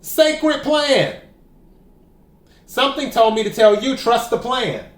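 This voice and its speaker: A man with a high voice gives an oracle card reading straight to the camera, taking his time over every word. He leans on key phrases and says them again for emphasis. The sound has the echo of a bare room at home. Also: sing-song, slow pace. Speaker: tarot and oracle card reader.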